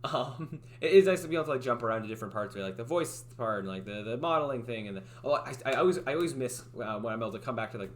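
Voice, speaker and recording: A man's voice: fairly low pitch, slight background noise. A man chatting casually on his livestream, rambling about his game project with lots of "like" and frequent restarts.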